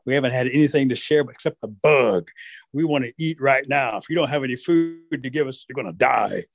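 A man voicing a pack of hungry male wolves in a told folk tale, gruff and demanding. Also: mid-range voice, a little fast, no echo, studio quality. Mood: threatening.

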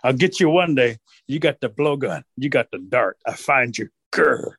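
A man's voice: medium pitch, expressive, moderate pace, fairly bright tone, husky, dry recording, studio quality. A man voicing a big, hot-tempered male bear in a told folk tale, blustering and threatening. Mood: angry.

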